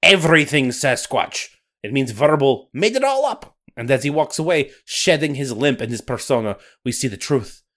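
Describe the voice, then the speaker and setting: A man with a medium-pitched, slightly bright voice plays a crafty Loch Ness monster, faking a Scottish accent for a comedy podcast. He narrates theatrically at normal speed with big pitch swings and few pauses.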